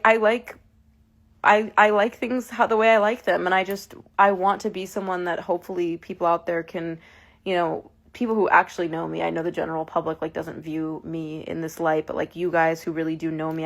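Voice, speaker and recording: A woman in her twenties chatting casually with fans on a live stream from her phone, emotional and full of fillers and restarts. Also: medium pitch. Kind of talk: casual livestream chat with fans.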